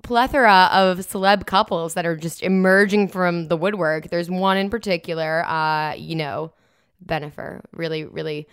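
A young woman co-hosting a podcast, her voice sitting on the low side as she rambles in easy, friendly chat. She laughs often. The sound is close and dry, with no room around it. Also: fairly even intonation, moderate pace, clear, resonant tone, no echo. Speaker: podcast co-host. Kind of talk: casual chat.

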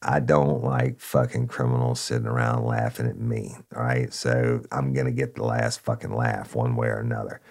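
A man's voice: very deep voice, little pitch movement, moderate pace, creaky, hardly any pauses, darkish tone. A man telling a story in a blunt, profane, casual way, talking straight to his listeners. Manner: blunt, profane, conversational, addresses listeners as y'all. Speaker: podcast storyteller, former cop.

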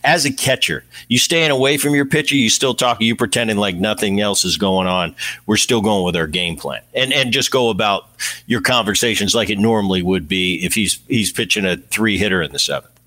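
A man's voice: on the low side, fairly quick, bright, forceful tone. A man hosting a podcast, a former ballplayer, asking long leading questions and reciting stats. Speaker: podcast host, former baseball player. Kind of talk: interview questions.

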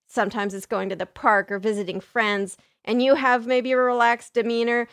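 A woman's voice: fairly high pitch, little pitch movement, moderate pace, a bit bright, clean tone. Chatty woman hosting an animal podcast. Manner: chatty, self-deprecating, rambling with fillers. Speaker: podcast host. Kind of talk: casual solo podcast.

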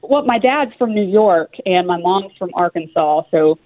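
A woman's voice: lowish voice, animated, normal speed, no room sound. A woman with a Southern US accent from Tennessee, a guest in a radio interview, talking in an earnest, conversational way. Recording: dry, phone-like line.

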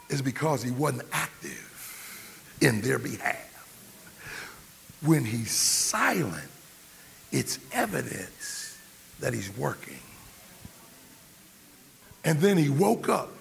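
A pastor preaching in a church with plenty of gravel in his voice and a pitch that swoops all over. He shouts at his peaks and drops into joking asides, all ringing out in a long hall reverb. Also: big pitch swings, slow pace, pauses often, slight background noise. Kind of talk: sermon.

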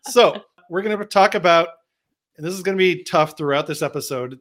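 A man's voice: high voice, a little fast, fairly bright tone. A man hosting a podcast, chatting casually in a jokey, rambling way with restarts. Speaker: podcast host.

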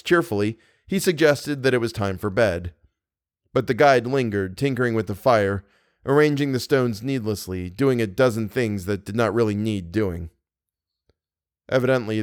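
Low-voiced man narrating a horror story. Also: no echo, studio quality. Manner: measured, grave storytelling. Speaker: podcast narrator.

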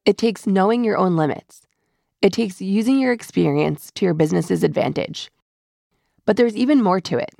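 Heavily creaky woman narrating a podcast. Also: medium pitch, animated, dark tone, no echo, studio quality, faint music behind. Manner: measured, polished delivery. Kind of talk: scripted narration.

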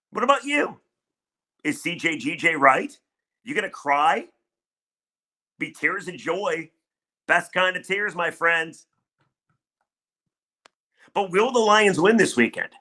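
A man's voice: on the high side, sharp tone. A middle-aged man hosting a solo sports talk podcast, candid, conversational and emphatic. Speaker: sports radio podcast host.

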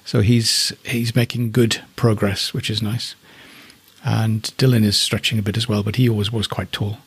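A man's voice: fairly low pitch, little pitch movement, normal speed, husky, no room sound. A middle-aged man from northeast England who keeps alpacas, chatting casually and fondly about them as he thinks aloud. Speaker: alpaca keeper. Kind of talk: casual spoken commentary.

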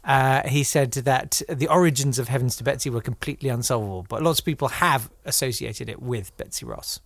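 A man's voice: mid-range voice, brisk, a bit bright, no echo. A man co-hosting a comedy podcast, telling stories in a playful, mock-earnest way. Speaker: podcast co-host. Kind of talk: comic chat.

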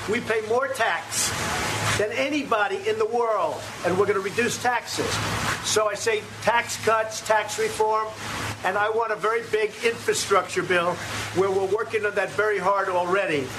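A man making emphatic, repetitive remarks in a recorded clip. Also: high-pitched. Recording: noisy archival clip.

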